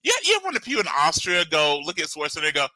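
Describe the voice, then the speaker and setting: Man, middle-aged, very bright tone, dry close sound, jokey casual podcast chat. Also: fairly high pitch, wildly swooping pitch, no room sound, rough recording. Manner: jokey, riffing, quick asides. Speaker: podcast co-host.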